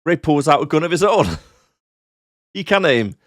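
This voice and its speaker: A man's voice: on the high side, very animated, moderate pace, no echo. A man co-hosting a movie podcast, retelling scenes bluntly with dry, casual swearing asides. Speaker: podcast co-host. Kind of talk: casual movie recap chat.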